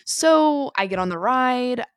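A woman co-hosting a podcast, telling a story in animated casual chat and saying "like" a lot. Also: high voice, slow, smooth, dry recording, clean studio sound. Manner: animated storytelling, heavy use of "like". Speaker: podcast co-host.

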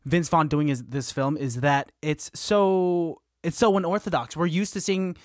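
A man's voice: a little high, measured pace, dry recording, studio quality. A young man co-hosting a casual film review podcast, chatty and teasing his co-host. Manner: chatty, reacts and teases.

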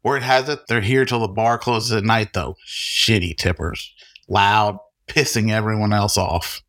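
Brief: man playing a laconic, suspicious bartender, deep and gruff. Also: steady tone, unhurried, a bit bright. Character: wary, gruff male beach bartender. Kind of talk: audiobook character reading.

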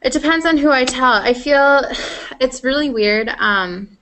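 A young woman co-hosting a casual gaming podcast, chatty and quick to laugh. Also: high-pitched, fairly bright tone, slight background noise. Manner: chatty, laughs often, lots of "like". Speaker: podcast co-host. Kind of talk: casual chat.

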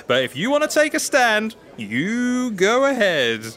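A man playing a breezy, matter-of-fact man in a comedy sketch, with a deadpan manner. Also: sits high, unhurried, heavily acted. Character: matter-of-fact man who goes along with everything.

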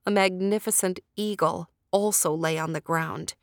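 A woman hosting and narrating a children's story in a slow, deliberate storytelling manner. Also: lowish voice, steady tone, no room sound, studio quality. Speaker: storyteller host.

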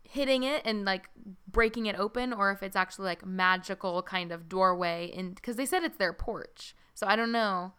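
Casual female co-host, bright and smooth, rambling and giggly. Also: mid-range voice, moderate pace. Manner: chatty, giggly, lots of fillers. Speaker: podcast co-host. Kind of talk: casual book discussion chat.

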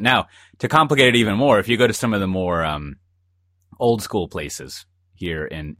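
Low-voiced man, lively rambling storyteller. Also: no room sound, studio quality. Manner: rambling, jokey storytelling with many asides. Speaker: podcast co-host. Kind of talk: casual chat. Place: lives in Texas.

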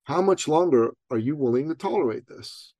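A man voicing a blunt, no-nonsense business coach in quiet, firm tones. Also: fairly high pitch, expressive, normal speed, no room sound.

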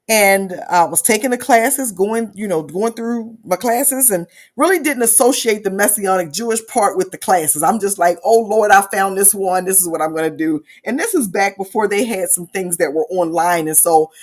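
A woman minister telling a testimony in an online church service, with animated storytelling and frequent praise interjections. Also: mid-range voice. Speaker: prophetic minister.

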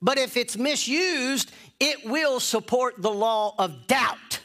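A man's voice: very high-pitched, takes it slowly, sharp tone, soft background music. A man preaching a sermon in an emphatic, insistent way, repeating phrases to drive points home.

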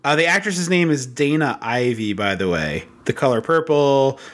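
A man co-hosting a podcast, chatting casually about a movie in an animated, joking way. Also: medium pitch. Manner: animated, jokey, quick asides. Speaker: podcast co-host.

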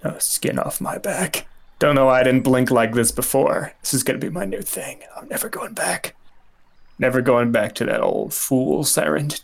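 A man's voice: mid-range voice, vocal fry, close to an everyday voice. A man playing a pompous, self-important sidekick who talks grandly and mutters stubbornly to himself.

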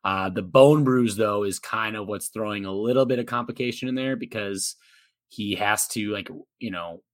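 A man's voice: on the low side, moderate pace. A man co-hosting a sports podcast, talking casually with lots of fillers and jokes. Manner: relaxed, filler-heavy, joking. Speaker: podcast co-host.

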